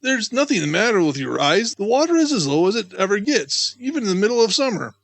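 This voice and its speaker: A man's voice: high-pitched, big pitch swings, fast talker, creaky, fairly bright tone, no echo, pitched above the performer's own voice, full character voice. A man voicing a playful young male otter who exclaims cheerfully in a children's story. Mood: astonished.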